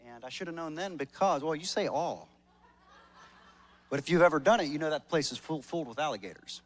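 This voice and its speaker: A man's voice: a little high, a little fast. A male pastor preaching a sermon at a church service in a conversational, joking way, often repeating words as he starts a sentence.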